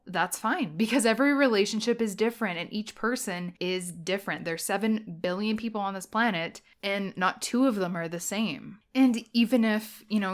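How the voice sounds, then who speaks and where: A woman's voice: mid-range voice, a bit bright. A young adult woman hosting a podcast, giving casual relationship advice in a chatty way, filled with "like" and acted-out quotes. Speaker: podcast host and social media strategist.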